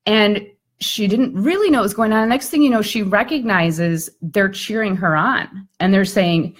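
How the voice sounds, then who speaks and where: Speaking in a mid-range voice at a moderate pace with few pauses, a woman speaker and coach tells a lively story on a live video chat. Her delivery is conversational and full of "like" and "I mean."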